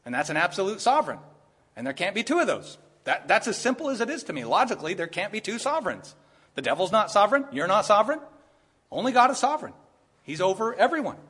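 A man preaches in a casual, teaching tone, often stopping to ask "right?" before he pushes his points harder. His voice sits a little high and sounds husky and breathy. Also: a bit bright. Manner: conversational preaching with frequent "right?" checks. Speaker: pastor. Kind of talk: expository sermon.

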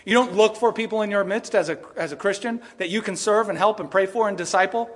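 A man's voice: high-pitched, fast, long reverb tail. A middle-aged male pastor preaching a sermon, firing rhetorical questions and briefly mimicking other voices.

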